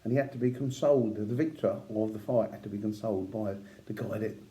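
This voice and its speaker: A man's voice: on the low side, fairly quick, mellow. A man telling boxing history in a casual, opinionated way, with many asides and fillers. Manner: conversational, with fillers and asides like "yeah" and "right?"; admiring, opinionated. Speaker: boxing commentator. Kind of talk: casual storytelling.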